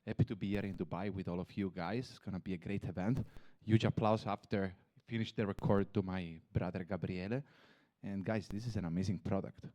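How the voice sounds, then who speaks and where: A man's voice: deep voice, fairly even intonation, fairly quick, few pauses, warm tone. A man with an Italian accent speaking English playfully at a conference event. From Italy. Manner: playful, joking.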